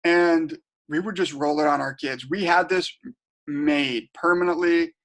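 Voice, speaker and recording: A man's voice: on the high side, fairly even intonation, a little slow, a bit bright. Chatty man presenting a webinar. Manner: chatty, storytelling, repeats and restarts words. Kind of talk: casual teaching talk. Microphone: home webinar setup.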